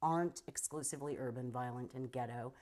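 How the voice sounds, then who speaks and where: Her voice is very deep and her pace a little fast. A middle-aged filmmaker and actor with stage training, she's a guest in an interview, animatedly recounting stories and imitating the people in them.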